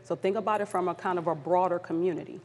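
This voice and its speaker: A woman with a lowish, fairly even voice speaks quickly as she leads an audience through polling questions at a community summit. She's upbeat and encouraging, though apologetic when flustered, and the large conference hall gives the recording a long reverb.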